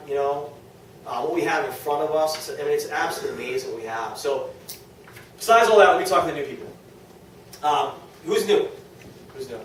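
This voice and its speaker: A man giving an enthusiastic testimonial talk to a small audience at a business meeting, quoting others in quick lively asides. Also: a little high. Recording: very echoey room, distant mic, faint noise.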